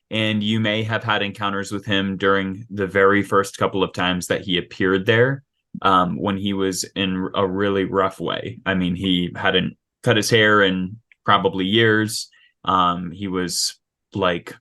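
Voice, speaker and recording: A man acting as game master, describing a character with many ums and pauses over a video call. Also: lowish voice, bright, forceful tone. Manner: hesitant, many ums and restarts.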